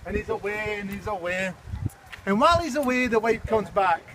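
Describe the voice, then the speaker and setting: Joking high-voiced male storyteller. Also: moderate pace, fairly bright tone, slight background noise. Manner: joking, playful, checks in with the audience. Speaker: storyteller at a team event. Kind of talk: casual storytelling. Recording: crowd chatter outdoors.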